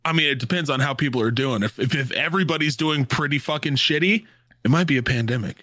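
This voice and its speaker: A man's voice: medium pitch, fast, sharp tone, no room sound, studio quality. A man co-hosting a podcast in casual, jokey chat, swearing freely. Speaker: podcast co-host.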